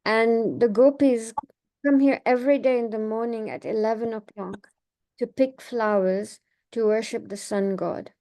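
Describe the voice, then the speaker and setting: A woman giving a devotional class, telling temple stories in a gentle, meandering way with frequent restarts. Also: fairly high pitch, steady tone, measured pace. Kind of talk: informal devotional talk with slides.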